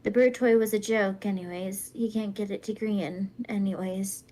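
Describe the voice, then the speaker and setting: A woman reading fan fiction aloud in a soft, even, casual way. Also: medium pitch, moderate pace. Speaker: fanfic reader.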